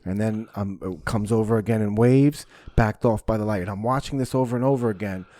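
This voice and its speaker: A man hosting a podcast, telling a story in casual chat with lots of swearing and animated energy. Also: on the low side, a little fast, no echo, studio quality. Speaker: podcast host.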